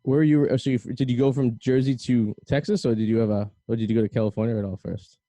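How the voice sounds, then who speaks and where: A man with a Boston accent hosts a casual chat show, rattling off jokes and rambling asides at a brisk clip. His voice is dark and mellow, recorded close and dry with almost no room sound. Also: medium pitch, fairly even intonation, dry recording. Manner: joking, rambling, quick banter. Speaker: podcast host.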